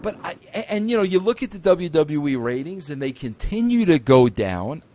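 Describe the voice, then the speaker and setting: A man hosting an interview, talking in an emphatic, repetitive way that climbs into excited outbursts. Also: a little high, normal speed. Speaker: interview host. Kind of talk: opinionated wrestling talk.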